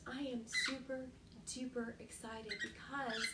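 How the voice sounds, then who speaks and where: A woman hosting a children's storytime, reading aloud in an animated, exclamatory way and asking the children questions. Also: on the high side, slow, reverberant, distant mic, background noise. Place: home kitchen.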